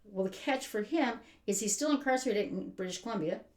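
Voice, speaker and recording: A woman's voice: mid-range voice, lively intonation, a little fast, darkish tone. A woman delivers a fired-up, indignant rant straight to camera. Her voice sits in the middle of the range, and she talks in an emphatic, exasperated way. The recording carries a noticeable roomy echo. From Canada. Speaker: vlogger. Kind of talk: ranting commentary.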